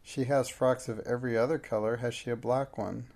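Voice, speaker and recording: A man's voice: mid-range voice, fairly even intonation, a little fast, vocal fry, a little mellow, lightly acted. A man reading the part of a furious, haughty middle-aged schoolmistress in a fierce, bitter manner.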